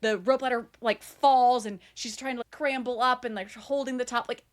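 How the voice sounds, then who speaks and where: A woman's voice: on the high side, moderate pace. A woman co-hosting a book podcast, animatedly retelling scenes in casual chat. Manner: enthusiastic, animated retelling with acted quotes. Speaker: podcast co-host.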